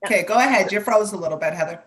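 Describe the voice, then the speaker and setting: A middle-aged woman who hosts the show and works as a medium, telling stories in an animated way over a video call. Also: medium pitch, very fast. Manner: animated storyteller, acts out quotes. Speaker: host, psychic medium. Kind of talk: live show storytelling.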